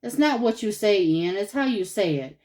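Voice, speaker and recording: An eager, insistent little girl from a children's storybook, voiced by a woman reading aloud. She pushes her point with bright enthusiasm. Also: medium pitch, animated, normal speed, natural voice. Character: spirited little girl playing a cow.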